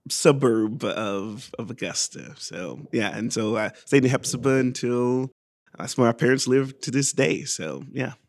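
A young man from Georgia chats as a podcast guest, telling his story in a loose, rambling way. He pokes fun at himself as he goes. His pitch sits in an ordinary middle range. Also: unhurried. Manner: rambling, self-deprecating storyteller. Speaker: guest improviser. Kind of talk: casual podcast chat.

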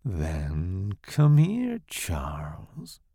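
A man's voice: sits low, huge pitch swings, no room sound, studio quality, pitched below the performer's own voice, heavily acted. A man voicing a sultry disguised female monster. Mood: sultry, hushed. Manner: slow, hushed, breathy seduction.

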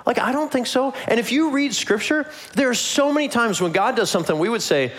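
A man preaches a sermon in a casual, humorous way and jumps into acted voices as he retells the story. His pitch sits a little high for a man and swings widely as he talks. The delivery is lively and conversational. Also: fairly quick, hardly any pauses. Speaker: pastor.

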